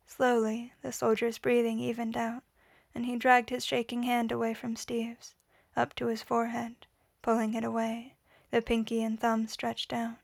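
A woman reading a story aloud in a quiet, measured voice, whispering the dialogue. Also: a little high, monotone, creaky, dry recording, clean studio sound. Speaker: reader. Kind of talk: audiobook reading of fan fiction.

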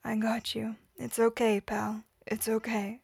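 A woman reading the lines of a gentle, shaken man comforting a frightened friend, in a hushed near-whisper. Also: on the high side, little pitch movement, normal speed, dry recording, clean studio sound.

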